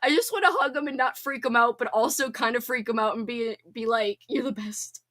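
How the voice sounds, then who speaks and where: A woman's voice: on the high side, a bit bright. A woman hosting a casual livestream from home, chatting bubbly and reading out viewer comments. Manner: bubbly and chatty, quick laughs and squeals. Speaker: livestream host.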